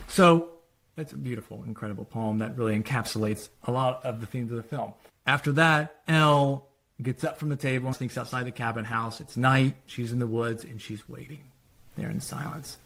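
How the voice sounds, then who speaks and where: A man's voice: medium pitch, moderate pace, gravelly, fairly bright tone. Screenwriter casually retelling his screenplay. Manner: casual, loose retelling with restarts and quoted dialogue. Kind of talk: spoken screenplay treatment.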